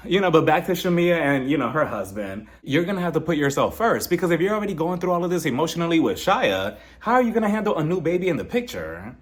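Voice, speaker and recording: A reality TV review YouTuber hosts his own channel, giving an animated, jokey recap of a reality show episode and mimicking cast members. His voice is a little high, with a quick pace and hardly any pauses.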